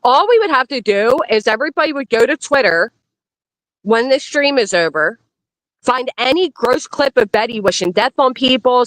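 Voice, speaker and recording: A woman's voice: on the high side, a bit bright, no room sound, poor audio. A woman from Pennsylvania giving blunt, emphatic commentary on a casual live stream. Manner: blunt, emphatic, repeats warnings.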